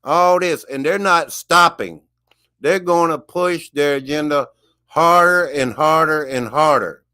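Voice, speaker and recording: A man's voice: fairly high pitch, measured pace, bright, forceful tone, clean tone. A man giving a casual monologue rant to the camera, emphatic and repetitive, with a preachy tone. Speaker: vlogger.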